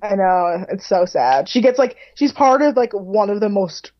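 A woman's voice: medium pitch, animated, moderate pace. Woman podcast co-host recapping TV, casual chatty delivery, slightly muffled lo-fi sound. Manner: chatty, swears casually, frequent fillers like "like". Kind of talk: casual chat recapping a reality show.

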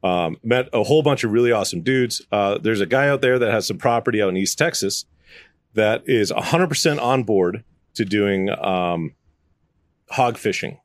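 A man's voice: fairly low pitch, moderate pace, dry recording, clean studio sound. A man co-hosting a casual podcast, telling stories with lots of swearing and laughter. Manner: animated storyteller, swears, laughs a lot. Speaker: podcast co-host. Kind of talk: casual chat, storytelling.

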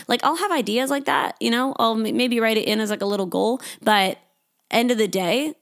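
A young woman hosts a casual solo podcast, talking a little fast with vocal fry and swearing freely. She often voices her own inner thoughts in a higher pitch.

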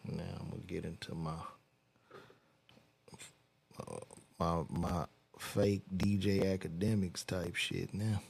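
A man's voice: sits low, steady tone, takes it slowly, gravelly, long pauses, a little mellow, breathy edge. A man casually reading celebrity news aloud and reacting with loose, profane commentary while he browses.

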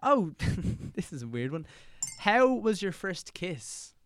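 Young male podcast host, higher-pitched, earnest and soft-spoken. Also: very animated, slow. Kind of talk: casual podcast chat.

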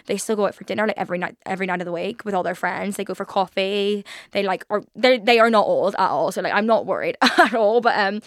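A woman's voice: mid-range voice, fast talker, few pauses, no echo, studio quality. A twenty-year-old woman hosting a casual solo podcast, chatting freely with lots of fillers and swearing. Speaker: podcast host. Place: London.

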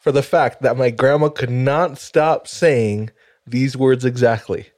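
A man co-hosts a podcast in relaxed chat. He drops short reactions and dry jokes into the other host's stories. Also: mid-range voice, measured pace. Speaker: podcast co-host. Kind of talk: casual chat.

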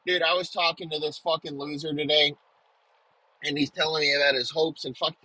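A man's voice: fairly high pitch, little pitch movement, a little fast, sharp tone, breathy edge, no echo, rough recording. A man delivering an aggressive comedic rant, swearing nonstop and hurling insults.

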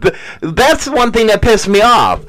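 A man with a high, animated voice that swings all over the place, talking in loose casual banter. He is crude and swears constantly, boasting and half-preaching his opinions as he jokes around with his co-host. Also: a little slow. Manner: profane, boastful, mock-preaching. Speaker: podcast co-host.

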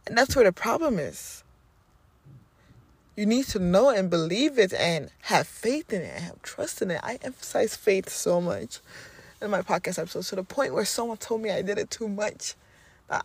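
A woman's voice: medium pitch, no room sound. A woman podcast host delivering a spiritual affirmation talk, repeating phrases with rhythmic emphasis.

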